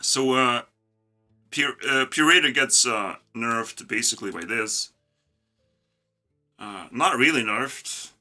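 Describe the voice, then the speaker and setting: A man's voice: mid-range voice, slow pace, long pauses, bright, forceful tone, faint music behind. A man ranting casually about a card game, mocking and profane, breaking into laughter. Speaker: YouTube gaming creator. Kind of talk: casual ranting commentary while designing cards.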